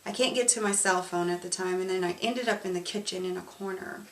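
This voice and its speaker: A woman giving a candid, emotional personal testimony, speaking haltingly with pauses and fillers. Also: on the low side. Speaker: survivor telling her story. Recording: roomy, distant mic, faint noise.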